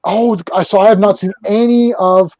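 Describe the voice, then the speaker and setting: A man's voice: high-pitched, fairly even intonation, normal speed, darkish tone, no echo, low-quality recording. A man hosting a casual pop culture chat, rambling and enthusiastic, laughing often. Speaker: podcast host.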